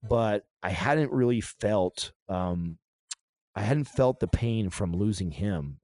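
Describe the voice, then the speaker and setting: A man talking through a painful personal story in a halting, emotional way, often restarting his sentences. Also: on the low side, a little mellow, no echo. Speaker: podcast guest.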